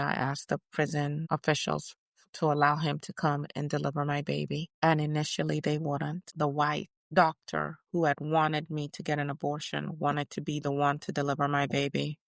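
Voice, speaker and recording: A woman playing an older female activist who looks back on her prison years in a first-person interview, telling it with emphatic, measured storytelling. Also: low voice, creaky, no echo, studio quality. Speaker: guest portrayed in interview.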